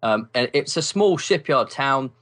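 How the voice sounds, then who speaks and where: Wry, animated English man telling stories. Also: medium pitch, a little slow. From England. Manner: animated, wry storyteller with many ums and laughs. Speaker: podcast guest, writer. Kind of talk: casual storytelling interview.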